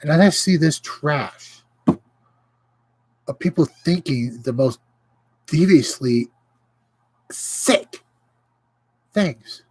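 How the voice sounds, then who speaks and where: A man hosting his own livestream, ranting with indignation and pausing to greet viewers. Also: on the high side, lively intonation, darkish tone, breathy edge, no room sound, rough recording. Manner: impassioned, indignant, greets viewers mid-rant. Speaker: livestream host. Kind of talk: casual livestream rant.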